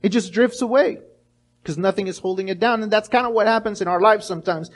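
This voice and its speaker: A middle-aged male pastor preaching a sermon, animated, acting out little voices and restarting his words often. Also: high-pitched, fast talker.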